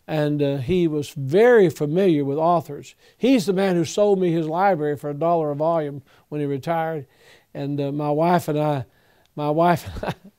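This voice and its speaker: Earnest older pastor. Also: male voice, fairly high pitch, mellow. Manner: earnest, folksy, halting with fillers. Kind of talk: Q&A talk to young preachers.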